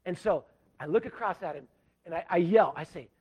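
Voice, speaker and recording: A pastor from Southern California telling a self-deprecating story in a sermon, animated and full of restarts. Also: male voice, sits high, a little fast, breathy edge. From Southern California, USA.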